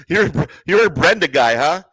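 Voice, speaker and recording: A man's voice: high voice, bright, forceful tone, husky, no echo. A middle-aged man hosting a livestream, chatting casually, swearing and laughing often. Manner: laughing often, profane, says bro and brother. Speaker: livestream host. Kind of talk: casual chat.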